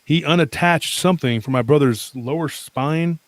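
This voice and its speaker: A man telling a long personal story as a podcast guest, rambling and animated, with many fillers and restarts. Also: fairly high pitch, moderate pace.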